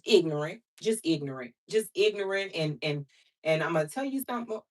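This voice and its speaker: A woman's voice: mid-range voice, expressive, normal speed. Outspoken woman tarot reader, plain-spoken and profane, addresses viewers like sisters, mic a little far off. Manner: blunt, outspoken and preachy, swears freely; talks to viewers as sister and baby. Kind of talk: casual vlog chat to viewers.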